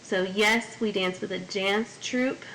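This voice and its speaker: A woman's voice: medium pitch, fairly even intonation, slow pace, fairly bright tone, slight background noise, rough recording. A woman teaching a Spanish class, reading each phrase in Spanish and then in English, and adding memory tips. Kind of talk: classroom vocabulary lesson. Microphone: corded mic.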